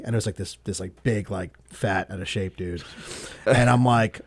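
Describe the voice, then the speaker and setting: A man from Long Island, a pro wrestler guest in a podcast studio, telling stories with lively energy and acting out the voices in them. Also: fairly low pitch, normal speed. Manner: animated storyteller, acts out the voices in his stories. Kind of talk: casual podcast chat.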